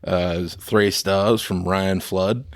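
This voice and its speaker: A man's voice: low voice, steady tone, drawn-out words. An Australian man in casual podcast chat, joking and reading reviews aloud. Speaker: podcast co-host.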